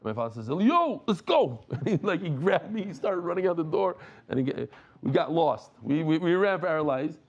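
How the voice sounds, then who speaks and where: A man teaching a lively Talmud class, rambling and animated, mixing in Yiddish and Hebrew terms. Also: on the high side, brisk, highs cut off. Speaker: Daf Yomi teacher.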